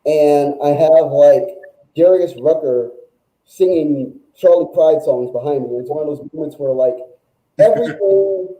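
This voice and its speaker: A male music journalist, a guest on a talk show, telling stories in a casual, animated, rambling way that is full of "like". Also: a little high, measured pace, roomy sound, poor audio. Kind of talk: casual storytelling chat.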